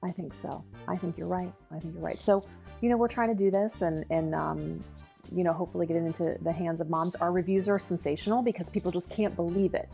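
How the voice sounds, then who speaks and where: A woman's voice: fairly low pitch, steady tone, a little fast, vocal fry, warm tone, faint music behind. A middle-aged woman, a lactation consultant and dietitian, speaking earnestly and eagerly as a podcast guest. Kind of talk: podcast interview.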